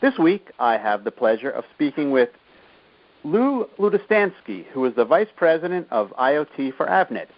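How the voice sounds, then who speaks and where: Man, new jersey accent, interview host, chatty and jokey, average pitch, muffled sound. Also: animated, fairly quick, few pauses. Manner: chatty, jokey, restarts phrases. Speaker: podcast host. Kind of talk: business interview.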